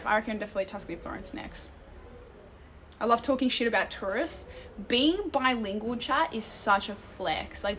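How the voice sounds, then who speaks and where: A young Australian woman streaming live, telling stories in a casual, animated way and swearing freely. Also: medium pitch, slight background noise.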